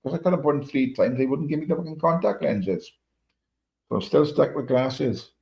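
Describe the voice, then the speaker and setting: A man's voice: mid-range voice, normal speed, vocal fry, mellow. A middle-aged man from Wales with a Welsh accent, chatting casually on a livestream, rambling through stories and swearing a lot. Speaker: livestream host. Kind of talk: casual chat. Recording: dull lo-fi stream audio.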